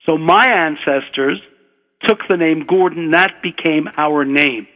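An older man from Brooklyn, a physician and author, telling a relaxed, wry anecdote. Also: a little high, a little slow. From Brooklyn, USA. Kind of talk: anecdotal storytelling. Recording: dull radio broadcast, long reverb.

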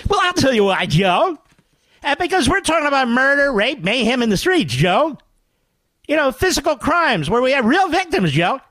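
A man's voice: very high-pitched, big pitch swings, normal speed, pushed and bright, no echo, voice pushed up, full character voice. A man voicing a blustering male politician who answers in a mocking, sing-song impression.

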